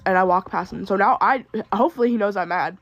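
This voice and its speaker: A woman's voice: mid-range voice, no echo. Exasperated young woman venting, dry sound. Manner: exasperated, ranting, quick bursts. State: sick and upset. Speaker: retail worker. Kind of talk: storytime venting video.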